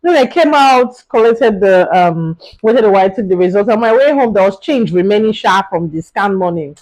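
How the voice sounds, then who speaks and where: A woman with a Nigerian English accent tells a personal story straight to her viewers. She is casual and animated, with a flair for drama, and her voice sits at an ordinary middle pitch. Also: moderate pace, rough recording. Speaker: lifestyle vlogger and mother.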